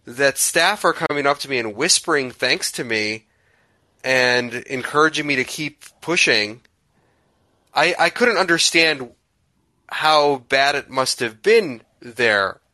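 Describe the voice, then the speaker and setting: A man's voice: mid-range voice, expressive, takes it slowly, sharp tone, no echo. A man hosting an interview, telling a long story and asking a question in a hesitant, rambling way with many fillers. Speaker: podcast host.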